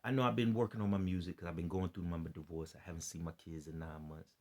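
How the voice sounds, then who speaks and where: A man's voice: low-pitched, steady tone, quick pace, a little mellow. A tired man rambling through an earnest, preachy monologue to his followers, often repeating himself. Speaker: vlogger giving religious commentary.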